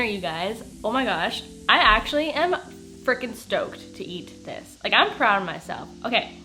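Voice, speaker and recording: A woman's voice: a little high, big pitch swings, normal speed, pushed and bright, soft background music. A woman chatting casually in a home cooking vlog, bubbly and gushing over her meals. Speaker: food vlogger.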